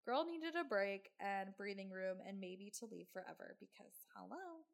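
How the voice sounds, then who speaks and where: Woman, podcast host, true crime storytelling, casual, sarcastic, fry in the voice. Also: mid-range voice, expressive, normal speed. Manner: casual, swearing, sarcastic asides.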